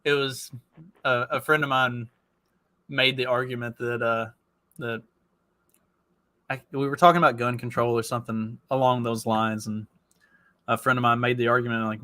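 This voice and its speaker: A man co-hosting a casual podcast, talking haltingly with repeated words and bits of laughter. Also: mid-range voice, sharp tone, dry recording. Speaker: podcast co-host. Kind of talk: casual chat.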